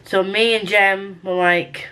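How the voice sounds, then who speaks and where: A young woman rambles cheerfully through a casual weekly reading vlog, hopping between quick asides. Her voice sits at an ordinary middle pitch, and her delivery is loose and conversational. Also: fairly even intonation, sharp tone, clean tone. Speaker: book vlogger.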